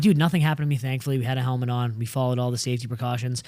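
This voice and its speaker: A man from New England co-hosting an off-road show, telling a story in a lively, casual way, swearing freely and acting out the other people in it. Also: medium pitch, racing, dry recording. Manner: animated, swears freely, acts out quoted voices. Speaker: co-host.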